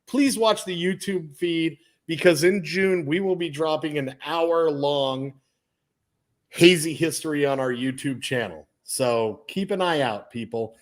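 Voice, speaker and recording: A man's voice: a little high, a little slow. A man co-hosting a casual podcast, joking with friends and speaking earnestly to listeners. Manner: joking, then heartfelt and earnest. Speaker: podcast co-host.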